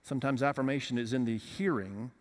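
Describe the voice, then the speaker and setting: A pastor at a church with several campuses delivers a sermon fairly quickly at medium pitch, his voice echoing in a large hall. He keeps it conversational, putting questions to the people listening.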